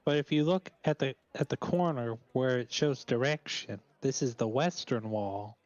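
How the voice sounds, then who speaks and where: A man playing a tabletop game, talking in a relaxed, thoughtful way. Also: mid-range voice, normal speed, no room sound, muffled recording. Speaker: player. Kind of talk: casual tabletop game chat.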